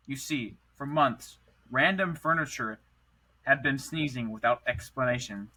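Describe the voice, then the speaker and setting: Bright-voiced young man reading a goofy tale. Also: medium pitch, a little slow, rough recording. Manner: playful, stumbles and restarts words. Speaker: podcast co-host. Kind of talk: reading a silly story aloud.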